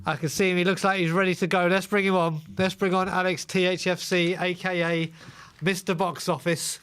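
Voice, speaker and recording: A fairly high-voiced man hosts a casual fan show over a video call. He speaks in a friendly way, often stumbling and restarting his sentences. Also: level tone, a little fast, fairly bright tone, clear, resonant tone. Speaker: host.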